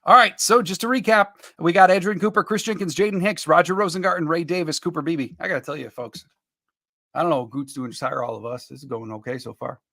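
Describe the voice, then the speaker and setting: A man's voice: on the high side, creaky, sharp tone, no echo, clean studio sound. A man hosting a live-streamed sports podcast, running through picks and reading viewer comments in an upbeat, chatty way. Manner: upbeat, quick asides to viewers, chuckling. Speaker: podcast host.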